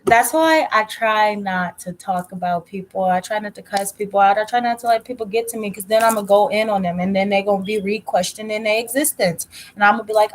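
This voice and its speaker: A young woman chats casually, telling a story from her own life. She talks bluntly and with lots of life, swearing freely along the way. Her voice sits at a middle pitch. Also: fairly quick, hardly any pauses, poor audio. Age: young adult. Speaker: tarot reader telling a story.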